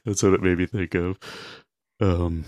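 A man's voice: deep voice, steady tone, unhurried, darkish tone, no echo, muffled recording. A man co-hosting a podcast, casually retelling movie scenes in a rambling way with lots of filler words. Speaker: podcast co-host.

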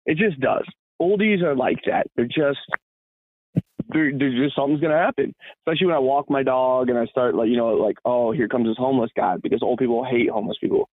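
A man co-hosting a podcast, telling a rambling, animated story full of fillers and laughs. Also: mid-range voice, a little fast, no echo. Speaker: podcast co-host. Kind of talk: casual storytelling chat. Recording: dry, tinny phone-like sound.

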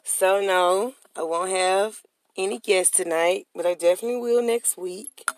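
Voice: medium pitch, steady tone, a little slow, dry recording. A podcast host giving a motivational talk in a preachy way, repeating phrases and calling on listeners to answer back. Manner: preachy, repetitive call-and-response.

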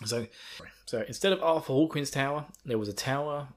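A man's voice: medium pitch, brisk. A man hosting a podcast, rambling through a casual book recap with swearing and self-mockery. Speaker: podcast host.

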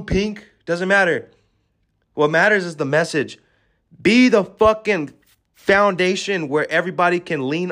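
A man's voice: high voice, fairly bright tone. A man hosting a podcast, giving an aggressive, swear-filled motivational rant at the listener. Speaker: podcast host.

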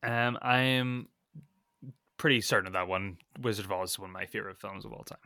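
A man's voice: lowish voice, fairly quick, bright, forceful tone, no room sound, clean studio sound. A man co-hosting a casual podcast, reading out quiz questions and answer options with a playful lilt.

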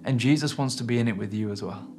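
A fast-talking man with a mid-range voice preaches in an earnest, emphatic manner, building and easing his intensity. Faint music sits underneath the recording.

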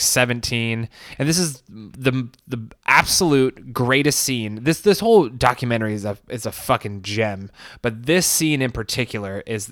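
A man's voice: medium pitch, fairly bright tone, dry recording, studio quality. A man casually recapping a documentary, rambling with fillers, restarts and laughs. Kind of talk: casual commentary.

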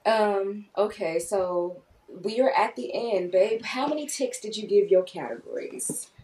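A woman's voice: medium pitch, unhurried, dark tone, distant mic, rough recording. A woman co-hosting a casual movie review podcast, talking animatedly and swearing, quoting herself and others. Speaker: podcast co-host.

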